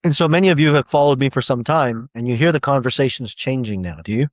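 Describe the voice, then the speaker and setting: Male motivational speaker in his forties, rambling and animated, mid-pitched voice, recorded dry and close. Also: fast, dry recording. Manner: animated, rambling storytelling with repeated restarts. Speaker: self-help speaker. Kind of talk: motivational monologue.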